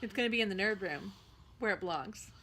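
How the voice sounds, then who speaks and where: A woman with a bright, crisp voice hosts a relaxed home video chat. She talks chattily and loosely, with plenty of casual filler words. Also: mid-range voice, quick pace, slight background noise. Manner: chatty, lots of "like" and "totally". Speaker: co-host.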